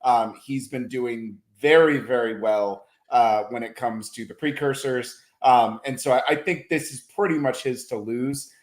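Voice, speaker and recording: A man's voice: mid-range voice, measured pace, hardly any pauses. Hesitant male film critic, roomy sound. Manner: thoughtful, lots of ums and restarts. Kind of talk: casual awards-preview chat. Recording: roomy echo.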